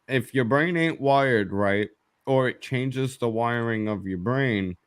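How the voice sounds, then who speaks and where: A man's voice: mid-range voice, slow pace. A man hosting a live stream, chatting casually in a blunt, joking, profane way. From New York. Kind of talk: casual chat.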